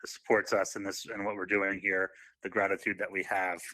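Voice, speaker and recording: Low monotone guy talking quick and earnest, bright dry sound. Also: no echo. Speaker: podcast co-host. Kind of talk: casual podcast chat.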